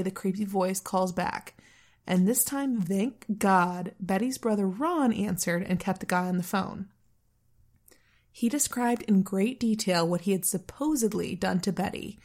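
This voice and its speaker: A woman's voice: mid-range voice, darkish tone. A woman co-hosting a true-crime podcast, narrating the case in an earnest, easygoing way. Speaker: podcast co-host. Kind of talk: casual true-crime storytelling.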